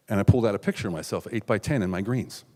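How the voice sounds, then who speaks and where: A middle-aged man from the United States telling a raw, confessional personal story on stage, with sudden loud outbursts and hushed asides. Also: fairly low pitch. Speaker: keynote speaker. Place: large hall on stage. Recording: stage talk with long hall reverb.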